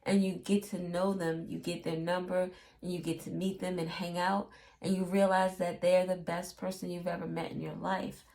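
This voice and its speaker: A woman's voice: on the low side, level tone, normal speed, creaky, a little mellow. A woman giving a casual tarot reading, chatty and acting out little quotes in playful voices. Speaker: tarot reader.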